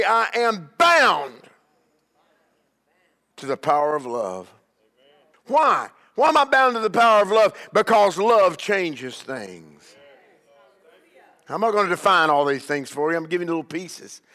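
A man's voice: sits high, big pitch swings, moderate pace, pauses often, pushed and bright, in a large hall. A man preaching as a bishop, emphatic, with call-and-response and repeated questions to the congregation. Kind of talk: sermon.

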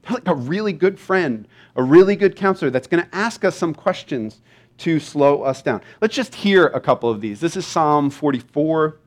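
Guy pastor preaching, chatty sermon, kinda high voice that jumps all over. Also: moderate pace. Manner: conversational, animated, acts out little dialogues.

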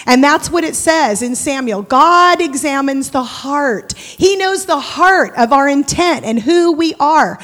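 A woman preaching a sermon in a church, expressive, moving between loud lively passages and hushed prayerful ones. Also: sits high, measured pace, few pauses. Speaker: church speaker. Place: church sanctuary. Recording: long hall reverb.

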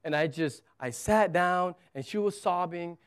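A man's voice: high-pitched, a little slow, clean tone. A man in his thirties preaching a sermon as pastor, earnest, often repeating a word as he presses a point. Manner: earnest, repeats words when stressing a point.

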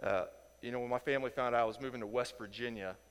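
A man from Indiana teaching a Bible lesson in a casual, animated way, acting out the people in the story and chuckling as he goes. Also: medium pitch, fast, smooth, in a large hall. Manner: animated, acts out quoted voices, chuckles.

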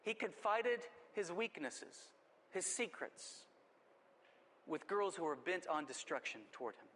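High-voiced preaching man in a hall. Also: very animated, measured pace, fairly bright tone, a little hiss or hum. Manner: earnest, conversational preaching with repeated restarts. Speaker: pastor. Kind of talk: sermon.

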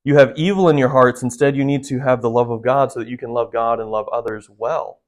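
A man preaches a sermon in an earnest, direct voice. He talks to his listeners and often asks them rhetorical questions. His pitch sits in the middle for a man. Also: steady tone, fairly quick. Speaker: pastor.

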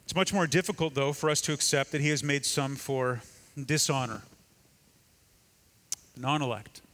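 A male pastor preaching a sermon emphatically, often dropping into a hush for effect. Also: mid-range voice, steady tone, moderate pace, in a large hall. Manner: emphatic, dramatic drops to a hush.

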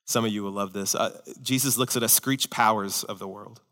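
A man pastor delivers an animated sermon, acting out quotes with a humorous touch. His voice is bright and forceful. It rings out with the long reverb of a church sanctuary. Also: fairly low pitch, a little fast. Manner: animated preaching, acts out quotes, humorous asides.

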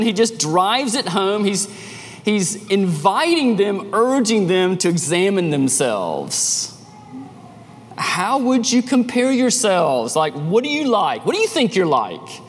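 A man preaching a sermon as a pastor, with an animated delivery that rises and drops sharply. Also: sits high, long reverb tail.

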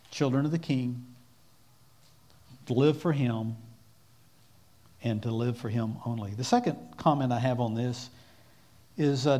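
A man's voice: medium pitch, dark tone. A man preaching a sermon in an earnest, exhorting way, calling on his listeners to repeat lines after him.

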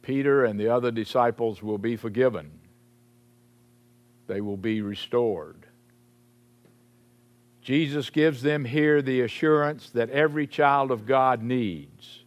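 A pastor preaches a sermon emphatically at a slow, measured pace. His voice stays at an ordinary middle pitch but drops lower and quieter on the key phrases he wants to stress.

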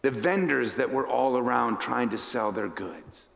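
A pastor preaching a storytelling sermon, dramatic and animated, acting out the characters as he goes. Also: mid-range voice, a little slow, vocal fry. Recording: echoey hall reverb.

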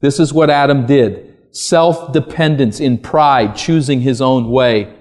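Male preacher, mid-pitched, sermon delivery that climbs to emphatic peaks. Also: a little slow, a little mellow. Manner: rhetorical questions, rising to emphatic peaks.

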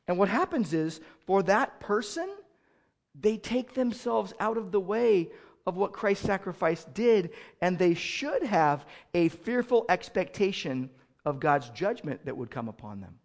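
A man preaching a sermon as pastor, swinging from loud outrage to quiet explanation. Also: high voice, animated, measured pace, gravelly.

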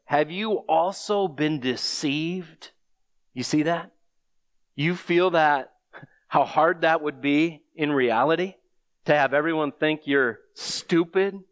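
A man's voice: fairly high pitch, fairly bright tone, smooth. A man preaching a sermon, reading scripture aloud and pressing the listeners with rhetorical questions. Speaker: pastor.

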